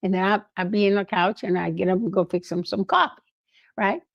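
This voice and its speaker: An older woman telling lively anecdotes in a casual way, laughing often and acting out what others said. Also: medium pitch, fairly quick, vocal fry, no room sound, lo-fi sound. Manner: animated, laughing, acts out quoted voices. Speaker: guest storyteller.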